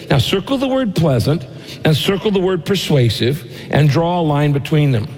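A middle-aged man preaching a sermon, emphatic, repeating key phrases and slowing down to read scripture. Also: fairly high pitch, lively intonation, a little mellow. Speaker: pastor. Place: church auditorium. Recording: long reverb of a large hall.

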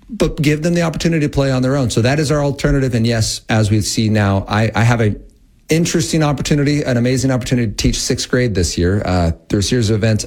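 A man's voice: mid-range voice, a little mellow. A man in his thirties, a guest explaining parenting and technology in an earnest, explanatory way. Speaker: guest, Christian tech educator. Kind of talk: interview conversation.

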